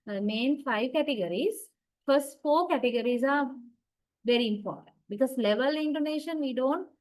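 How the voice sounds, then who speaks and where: A woman lecturer giving a university lesson, explaining slowly with frequent "right?" checks and pauses. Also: high-pitched, rough recording.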